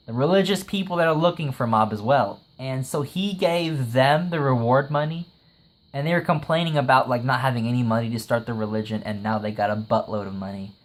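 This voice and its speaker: A man casually reviewing an anime episode, excitable, laughing often and leaning on "like" as he retells scenes. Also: on the high side. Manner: retells scenes with quick acted quotes.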